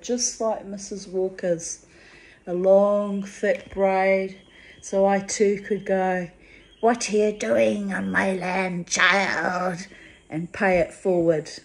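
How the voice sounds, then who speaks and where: A woman's voice: sits low, warm tone. A middle-aged woman speaking in a personal vlog monologue, bitter and confiding, with blunt swearing. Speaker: vlogger.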